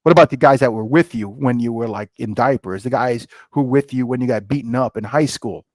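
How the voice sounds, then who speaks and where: A middle-aged man, a guest on a podcast, telling his story in a lively way and acting out the dialogue. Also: medium pitch, a little fast, no echo. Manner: lively storyteller, acts out dialogue with rising excitement. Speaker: scotch company founder, guest. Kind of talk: animated storytelling interview.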